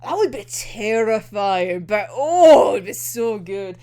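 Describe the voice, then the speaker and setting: A woman vlogger giving a casual anime episode reaction, excitable and sweary, often breaking into giggles. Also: medium pitch, slow.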